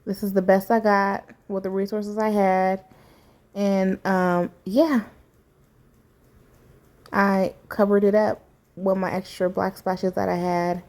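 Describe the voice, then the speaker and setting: A woman's voice: mid-range voice, level tone, slow, long pauses, darkish tone. A middle-aged woman talking candidly through a home repair in a chatty, casual vlog, with many fillers along the way. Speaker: vlogger. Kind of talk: casual DIY vlog narration.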